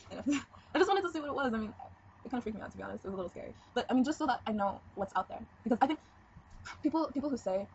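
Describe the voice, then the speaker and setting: A seventeen-year-old girl talking frankly in a casual confessional vlog, rambling and giggly. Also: mid-range voice. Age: teens. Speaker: vlogger. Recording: dull lo-fi webcam audio with faint noise.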